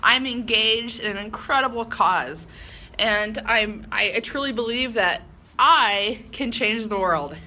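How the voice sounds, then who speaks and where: A woman's voice: fairly high pitch, measured pace, sharp tone. A woman in her thirties giving a heartfelt personal speech, earnest and candid, often poking fun at her own flaws. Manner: earnest, candid, self-deprecating with light laughs. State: emotional at moments. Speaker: speaker giving a personal talk.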